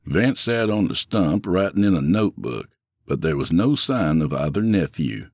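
A man narrating an audiobook thriller in an expressive storytelling manner, voicing all the characters. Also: sits low, moderate pace, dry recording, clean studio sound. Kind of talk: scripted narration.

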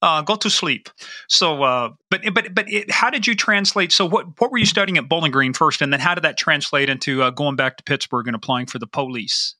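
A man's voice: a little high, brisk, hardly any pauses, bright, forceful tone, no echo. A man hosting a podcast, asking eager, chatty questions with many stumbling restarts. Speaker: podcast host. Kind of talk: casual interview.

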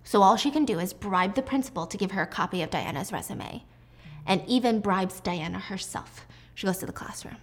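A woman at a middle pitch for her sex tells a drama's plot like she is chatting with a friend. She is animated and breaks off into playful asides. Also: a little fast. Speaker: drama recap host. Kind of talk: casual drama recap storytelling.

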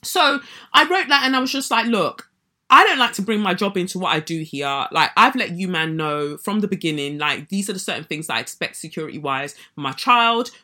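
A woman, hosting a podcast and telling a personal story in an animated, indignant way, acting out what others said. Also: on the low side, a little fast. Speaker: podcast host. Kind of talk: personal story told to listeners.

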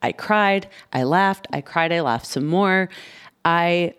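A woman's voice: on the low side, slow pace, a bit bright, clean tone. A woman hosting a podcast, chatting casually and emphatically with frequent laughs. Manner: gushing, emphatic, laughs often. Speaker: podcast host. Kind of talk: casual chat.

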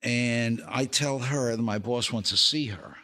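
A man's voice: medium pitch, a little slow, sharp tone. An older man, an actor and comedian, telling show-business stories as a podcast guest, laughing through his punchlines. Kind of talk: casual anecdote telling.

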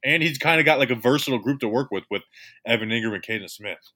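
A man's voice: medium pitch, lively intonation, quick pace, bright, forceful tone. A man co-hosting a casual sports podcast, joking and blunt with his co-host.

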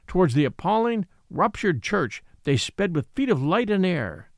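Brief: dramatic male storyteller reading an old tale, lively and expressive. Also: high voice, normal speed, gravelly, dry recording, clean studio sound. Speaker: narrator. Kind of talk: scripted audiobook narration.

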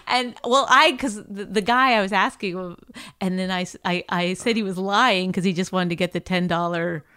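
A woman comedian tells a meandering story in casual conversation, starting over and putting on quick voices for the people she quotes. Her pitch sits in the middle range. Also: sharp tone, clear, resonant tone. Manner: rambling storytelling with many restarts and quoted voices. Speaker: stand-up comedian, podcast co-host. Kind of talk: casual chat.

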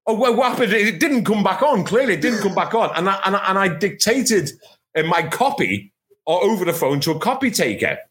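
A middle-aged man from England spins a long story on a football podcast. His voice sits a little high and swoops widely as he re-enacts his own exasperation. He keeps it casual and chatty. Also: very animated, brisk, a bit bright. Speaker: football journalist, podcast panelist.

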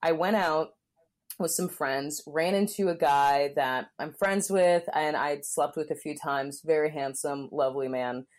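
A woman's voice: low-pitched, a little slow. A woman from Southern California, a comedian guesting on a podcast, telling a story in a candid, blunt way and filling her talk with "like.". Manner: frank and blunt, chatty, full of "like" fillers.

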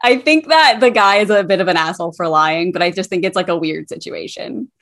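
A woman's voice: lowish voice, fairly quick, fairly bright tone. A woman co-hosting a podcast in easygoing casual chat, agreeing often and laughing readily. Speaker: podcast co-host.

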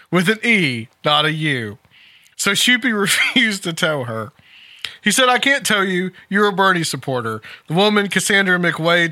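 A man's voice: a little high, pushed and bright, no room sound, studio quality. A man hosting a casual talk show, reading a news story aloud and laughing at it. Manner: amused, laughs while reading. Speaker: podcast host.

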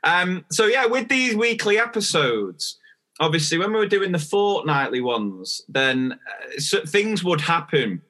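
A man's voice: a little high, big pitch swings, a little slow, bright, forceful tone. A young man, co-hosting a podcast and telling a story in casual chat, acting out the dialogue. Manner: chatty storytelling, acts out dialogue. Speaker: podcast co-host.

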